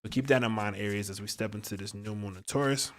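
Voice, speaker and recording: A man's voice: on the low side, fast. A man giving a casual tarot reading on a live stream, chatty and slangy, talking straight to his viewers and laughing often between thoughts. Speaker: astrologer and tarot reader.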